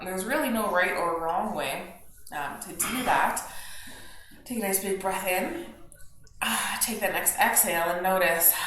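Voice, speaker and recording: A woman guiding a gentle yoga class from her home studio, calm and soothing, with chatty asides. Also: fairly low pitch. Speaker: yoga teacher. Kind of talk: guided yoga class instruction. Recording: very echoey home room with faint household noise. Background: household noise, TV news and dishwasher.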